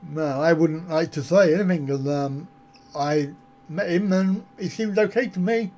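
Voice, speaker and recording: A man's voice: on the high side, measured pace, warm tone. A man on a casual live stream, answering viewer comments in a rambling, self-mocking way. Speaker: travel vlogger answering live chat.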